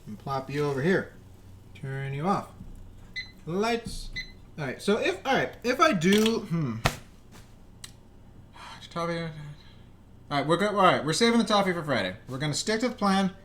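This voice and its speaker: A man's voice: a little high, big pitch swings, measured pace, long pauses, fairly bright tone, slight background noise. A man hosting a live baking stream at home in his kitchen, chatting casually and playfully, talking to himself and humming little tunes. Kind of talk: casual live-stream chat while cooking.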